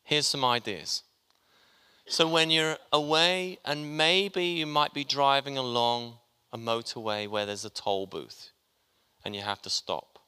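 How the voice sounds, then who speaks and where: A man's voice: medium pitch, pushed and bright, clear, resonant tone. A man preaching a sermon, chatty and joking with his congregation as he talks. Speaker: pastor. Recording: long hall reverb.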